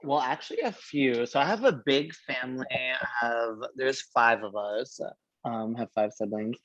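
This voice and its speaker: A man's voice: medium pitch, moderate pace, a bit bright, no echo. Sassy new guy dishing on a podcast, calls folks honey, kinda muffled dry audio. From Brooklyn, New York. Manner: sassy and slangy, laughs often, calls people honey. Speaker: drag performer guest. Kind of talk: casual podcast chat.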